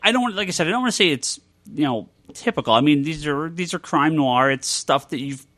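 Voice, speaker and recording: A man's voice: fairly high pitch, expressive, a little fast, pushed and bright, dry recording. An American man co-hosting a podcast, talking casually in a rambling, enthusiastic way, often correcting himself. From United States. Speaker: podcast co-host. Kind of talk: casual chat.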